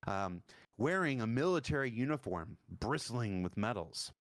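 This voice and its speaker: A man narrating a tabletop game as dungeon master, halting and searching for words. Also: mid-range voice, big pitch swings, dry recording, studio quality.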